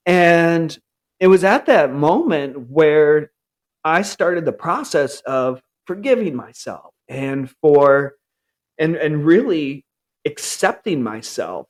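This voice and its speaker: Animated man telling a candid personal story. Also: takes it slowly. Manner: earnest, animated, acts out upbeat self-talk in a higher voice.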